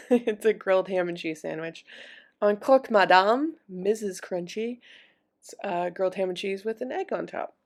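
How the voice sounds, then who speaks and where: A woman teaching French vocabulary, repeating each word slowly and then explaining it in casual English. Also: medium pitch. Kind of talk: vocabulary lesson.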